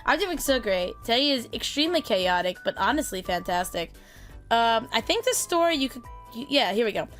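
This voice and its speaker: A high-pitched woman chatting live on her stream over faint background music. She talks excitably, laughs a lot and swears in playful mock outrage. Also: normal speed. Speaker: streamer hosting a chat with creators. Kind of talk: casual live stream chat.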